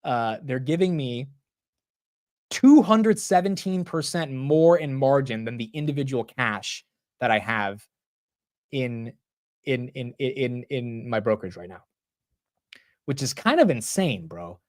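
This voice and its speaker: A man in his twenties hosting a casual live market stream, rambling and excitable, often saying bro and dude. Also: mid-range voice, unhurried, long pauses, no echo. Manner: rambling with frequent restarts. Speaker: stock market livestream host.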